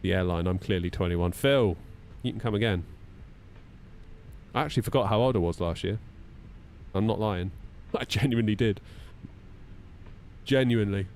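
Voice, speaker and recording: Streaming live from his home sim room, a man in his 30s flies a simulator, running checklists while bantering and poking fun at himself with viewers. He speaks at normal speed with a fairly low, darkish tone and frequent pauses, over slight background noise.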